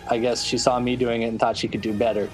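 A man's voice: mid-range voice, little pitch movement, quick pace, faint music behind. A young man chatting casually on a podcast about his webcomic, rambling with restarts. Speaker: webcomic artist guest.

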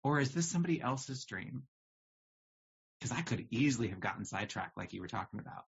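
A man in a podcast conversation, talking in quick bursts and laughing easily. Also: medium pitch, animated, gravelly, husky. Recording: dull lo-fi recording.

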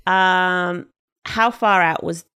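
A woman's voice: on the low side, steady tone, drawn-out words, sharp tone, smooth. A woman co-hosting a casual podcast chat, explaining things patiently with lots of fillers and restarts. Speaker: podcast co-host.

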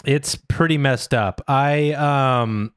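A man's voice: medium pitch, slow pace, a bit bright, clear, resonant tone, no echo, studio quality. A man hosting a podcast in casual chat, rambling with restarts and laughing easily. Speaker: podcast host.

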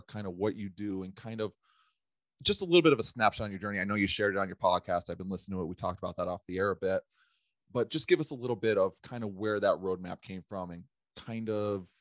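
A man's voice: lowish voice, quick pace, dry recording, studio quality. A man hosting a podcast, chatting casually and jokingly with his guest and swearing now and then. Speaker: podcast host. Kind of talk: casual interview chat.

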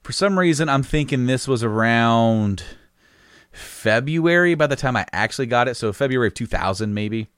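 Man, thirties, casual storytelling, lively voice, dry recording, laughs a lot. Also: normal speed, clean tone, no room sound. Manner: animated, laughs often, jumps into high squeaky voices when quoting himself.

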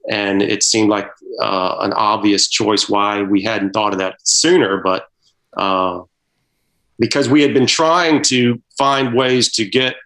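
A man documentary filmmaker answering interview questions, searching for words with many pauses. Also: lowish voice, sharp tone, low-quality recording. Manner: halting, many fillers and restarts.

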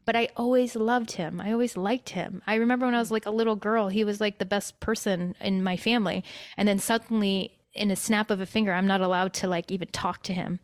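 A woman's voice: medium pitch, fairly even intonation, a little fast, no room sound. Woman sharing a personal story. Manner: emotional, confessional, many fillers. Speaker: guest.

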